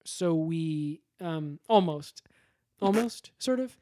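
Giggly rambling podcast co-host, mid pitch. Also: lively intonation, slow, warm tone, no room sound, clean studio sound. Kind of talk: casual comedic banter.

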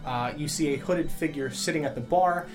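Game master describing scenes, casual and rambling, with soft guitar in the background. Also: medium pitch, moderate pace. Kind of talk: narrating a tabletop game.

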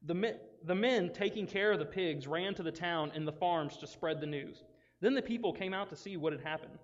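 Young male youth speaker, higher voice, joking and animated, hall echo. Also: brisk. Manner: joking, animated, self-interrupting. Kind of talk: casual, joking sermon. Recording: dull sound with long hall reverb.

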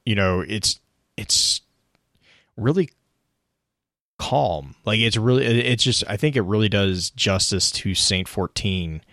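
A man's voice: fairly low pitch, slow pace, long pauses, sharp tone, no room sound, studio quality. A man co-hosting a podcast, retelling a story in casual chat with many restarts and bursts of laughter. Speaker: podcast co-host.

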